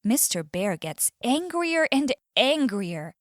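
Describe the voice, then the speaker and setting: Slow, expressive woman storyteller. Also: on the high side, dry recording, clean studio sound. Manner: clear, expressive, deliberate. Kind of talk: slow scripted story narration for learners.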